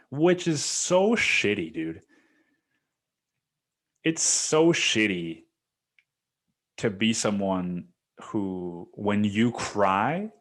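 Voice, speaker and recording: A young man hosting a solo podcast, talking in a rambling, profane, confessional way, full of "dude" and "man," swinging between loud bursts and near-whispers. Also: lowish voice. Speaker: podcast host.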